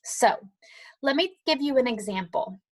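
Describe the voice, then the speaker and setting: High-voiced teacher talking to kids. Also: female voice, expressive, unhurried. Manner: warm, encouraging teacher talk to young children. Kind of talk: online class lesson and read-aloud. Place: at home, dog nearby.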